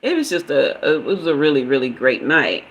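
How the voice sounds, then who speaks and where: A woman hosting a live stream, telling a personal story in a casual, chatty way, with many fillers, talking straight to her viewers and jumping up high when she gets excited. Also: fairly quick, a little hiss or hum, low-quality recording. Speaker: livestream host and spiritual reader.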